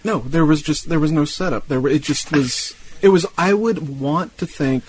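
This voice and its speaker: A man's voice: a little high, normal speed, low-quality recording. A man from Tampa co-hosting a podcast, chiming in with dry, wry jokes and film trivia. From Tampa, Florida. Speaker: podcast co-host. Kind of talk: casual movie-discussion chat.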